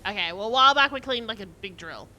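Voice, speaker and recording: Bright, lively woman streamer. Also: a little high. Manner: animated, laughing, quick to tease. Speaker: guest streamer. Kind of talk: casual stream chat. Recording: faint background noise.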